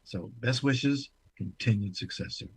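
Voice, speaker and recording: Husky-voiced older male talk show host. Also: measured pace, no echo. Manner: booming, showman-like announcer delivery with playful asides. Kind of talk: radio talk show hosting.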